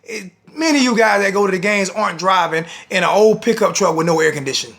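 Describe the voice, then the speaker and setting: A man's voice: high-pitched, lively intonation, fast, fairly bright tone. A man with a blunt, scolding manner, ranting to the camera as a sports fan vlogger.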